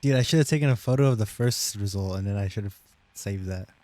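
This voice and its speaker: A man's voice: on the low side, quick pace, a little mellow, no echo. A young American man chatting casually with friends on a stream, joking and teasing them and laughing often.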